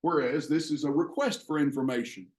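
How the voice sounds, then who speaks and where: A man teaching a class on writing, explaining ideas in a measured way with frequent pauses. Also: a little high, darkish tone. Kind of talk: classroom lecture.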